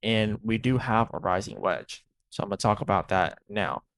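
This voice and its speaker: A man with a lowish, gravelly voice, hosting a crypto channel. He talks in loose, rambling commentary and checks in with "right?" again and again. The sound is dry and close, with no room around it. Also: moderate pace, fairly bright tone, dry recording. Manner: rambling, repeats "right?" often. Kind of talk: casual market commentary.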